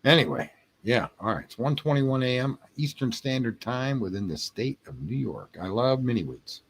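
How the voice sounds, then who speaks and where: This late-night streamer has a medium-pitched, slightly rough voice, animated and at a normal speed. He reads chat and riffs with viewers in rambling, profane, joking banter.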